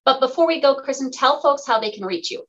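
A woman hosting a radio talk show in casual chat, animated and laughing, acting out quotes. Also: high-pitched, fast, muffled recording, a little hiss or hum.

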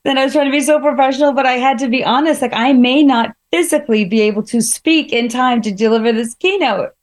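A woman's voice: high-pitched, fast talker. A woman who gives keynote speeches, talking reflectively about a personal experience. She asks herself questions earnestly and often says "like.". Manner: earnest, self-questioning, frequent "like". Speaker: keynote speaker.

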